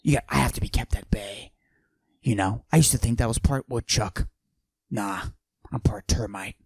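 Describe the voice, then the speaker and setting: A man doing a cocky macho character who forces his voice deep and breathy, in a comedic podcast monologue. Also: normal speed, no echo. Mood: swaggering. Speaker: podcast host.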